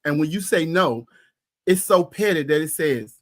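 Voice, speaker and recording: Man, high voice, heated profane rant, podcast co-host, repeats for emphasis. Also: expressive, moderate pace. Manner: emphatic repetition. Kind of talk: casual chat.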